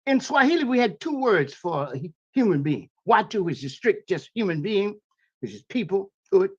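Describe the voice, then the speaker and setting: A man with a husky voice who talks with preacherly force, piling up repeated phrases and rhetorical questions. His pitch swings widely, rising and sinking for emphasis. The audio is dull and lo-fi. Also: big pitch swings, normal speed. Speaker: interview guest, scholar. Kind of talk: impassioned spoken commentary.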